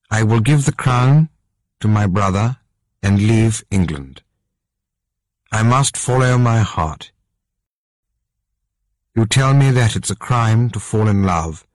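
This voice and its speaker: A man reading an audiobook, voicing a grave, resolute king in earnest, measured dialogue. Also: fairly low pitch, lively intonation, dry recording, pitched above the performer's own voice.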